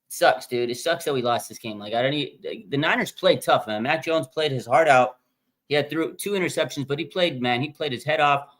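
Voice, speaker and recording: A man's voice: fairly high pitch, a bit bright. A young man, a fan streamer, venting in a casual live-stream rant, repeating himself and calling out "man" and "dude".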